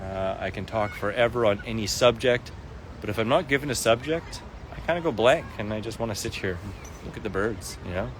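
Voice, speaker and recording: A man's voice: lowish voice, fairly quick. A man in his forties, a raw food coach, chatting casually and easygoing on a live stream while walking outdoors in a city park, holding his phone. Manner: chatty and easygoing, with frequent fillers and excited exclamations. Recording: loud outdoor noise with passing traffic.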